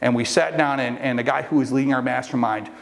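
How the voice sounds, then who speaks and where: A man's voice: mid-range voice, fairly even intonation, fast, gravelly. A middle-aged man coaching a live group, telling a long story with fillers and restarts and acting out the people in it. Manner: storytelling, acts out quoted people. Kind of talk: motivational talk to a live group.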